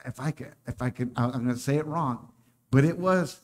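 A man's voice: medium pitch, normal speed, a little mellow. A man preaching a casual sermon, joking and laughing often as he talks.

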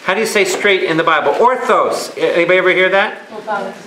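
A priest leads a Bible study for a live group in a meeting room or church hall, speaking emphatically and firing questions at his listeners. His voice sits high and moves fairly quickly. The room is echoey, with a noisy background.

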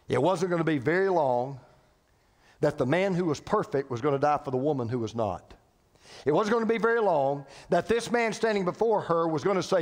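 A man preaching a sermon as pastor, emphatic, with lots of repetition and rhetorical questions, in a church. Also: high-pitched. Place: church sanctuary. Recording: reverberant church hall.

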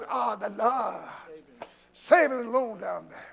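Older male pastor, gravelly high voice, preaching with swings from hush to shout. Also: slow, a faint crowd. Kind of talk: storytelling sermon.

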